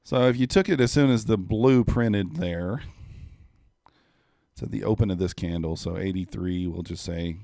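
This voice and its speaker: A man in his thirties talks in a low, laid-back way on a live trading stream, greeting chat viewers between trades. His voice sits close and dry on a desk mic, with no room sound around it. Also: normal speed, creaky, dark tone, dry recording. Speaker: livestream day trader. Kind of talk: casual live-stream commentary.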